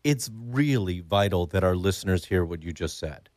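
A man's voice: sits low, lively intonation, moderate pace, a little mellow, no room sound, studio quality. A man hosting a radio interview, earnest and polite as he interjects to ask his guest to repeat a point.

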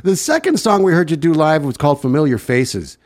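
A man hosts a relaxed interview in a slightly high, lively voice. He is laid-back and often drops in "man" and "right" between his questions. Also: a little fast. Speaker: interview host. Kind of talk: casual interview.

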